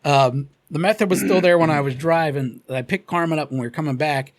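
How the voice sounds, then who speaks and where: A man with a Cincinnati accent, co-hosting a podcast and telling a story in a loose, profane, animated way. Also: on the high side, a little fast. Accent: Cincinnati, Ohio. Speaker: podcast co-host. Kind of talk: casual storytelling chat.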